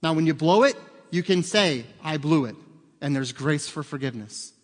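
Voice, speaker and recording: A man in his forties, a pastor preaching a sermon in a church, telling stories conversationally and getting loud and excited to make a point. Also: on the high side, normal speed. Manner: conversational storytelling, rising loud and excited for emphasis. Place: church sanctuary. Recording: long hall reverb.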